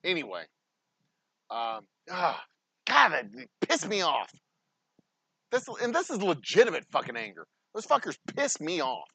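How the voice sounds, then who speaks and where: Man, distillery vlogger, high and lively, heavy swearing, rambling rants. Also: unhurried, gravelly, pauses often, husky, no echo. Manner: profane, ranting, heated. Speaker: distillery owner. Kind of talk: casual behind-the-scenes vlog talk.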